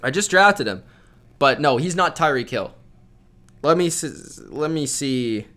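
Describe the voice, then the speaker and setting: A man hosting a live football reaction stream, reading viewer chat aloud and commenting in a loud, slangy, casual way. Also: a little high, lively intonation, measured pace. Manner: loud, self-described yeller, slangy with frequent "bro".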